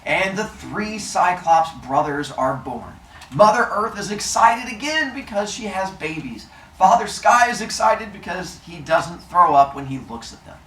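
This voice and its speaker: Brief: male storyteller, lively up-and-down delivery, joking, roomy live room with faint hum. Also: sits high, measured pace, recorded from a distance. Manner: playful, jokey asides. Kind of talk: comic myth storytelling to an audience.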